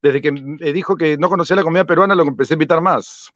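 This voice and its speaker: A man's voice: on the high side, rapid-fire, fairly bright tone, no echo, highs cut off. A man, chatting casually and switching between English and on a travel livestream. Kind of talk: casual live-stream chat.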